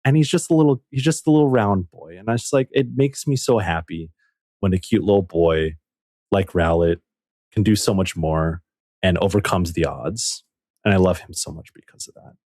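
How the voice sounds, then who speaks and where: A man co-hosting a podcast, telling a story in an excitable, animated way and swearing casually. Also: low-pitched, moderate pace, no echo, clean studio sound. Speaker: podcast co-host. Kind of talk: casual chat.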